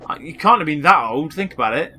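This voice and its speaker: Animated, teasing gamer. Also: male voice, on the high side, a little hiss or hum. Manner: teasing and animated, quick to joke. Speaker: co-host of a gaming channel. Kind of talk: casual let's-play commentary.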